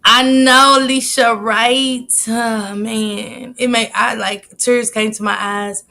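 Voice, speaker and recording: A woman's voice: a little high, fairly even intonation, slow pace, creaky, pushed and bright. A woman hosting a casual live stream, chatting and greeting viewers by name.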